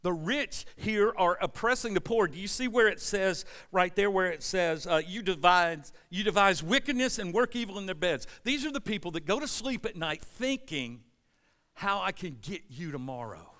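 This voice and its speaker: A man preaching a sermon, reading scripture and explaining it, swinging from loud emphatic stretches to quiet asides. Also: high voice, moderate pace, few pauses, in a large hall. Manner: animated preaching, rising loud at emphasis, dropping soft. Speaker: pastor.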